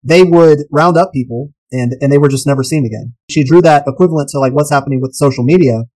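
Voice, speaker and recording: A man co-hosting a casual podcast, talking animatedly and posing rhetorical questions with sudden jumps in pitch. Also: fast, a little mellow, poor audio. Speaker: podcast co-host.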